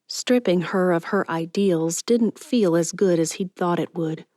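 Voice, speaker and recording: Low-voiced woman narrating an audiobook. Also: measured pace, mellow, no room sound, studio quality. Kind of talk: scripted narration.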